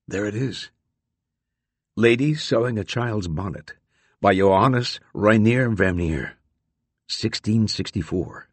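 Guy reading an audiobook, slow and husky, lowish voice, deliberate. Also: dry recording. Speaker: narrator. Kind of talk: audiobook narration of literary science fiction.

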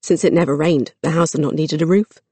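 Narrator reading a kids' story, steady and measured, middle pitch, super dry close mic. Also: husky, dry recording.

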